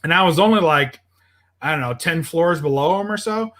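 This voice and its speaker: A slightly high-voiced man spinning a long anecdote in relaxed chat, rambling and full of fillers. He drifts in and out of acted-out quotes from the people in his story. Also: fairly quick. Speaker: podcast host telling a story.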